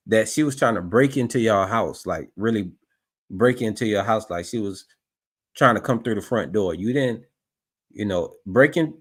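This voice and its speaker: Man, low pitch, casual commentary, skeptical, restarts sentences. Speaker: livestream commentator. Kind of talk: casual commentary over footage.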